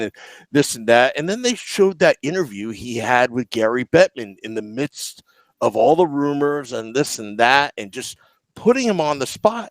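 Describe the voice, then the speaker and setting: Creaky-voiced man hosting a podcast. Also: mid-range voice, no room sound. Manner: rambling, laughs while telling stories. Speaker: podcast host and producer. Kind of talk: casual chat. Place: home podcast setup.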